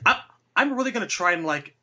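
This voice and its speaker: A man co-hosting a casual comic review, animated and jokey, with quick asides. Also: sits high. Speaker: podcast co-host.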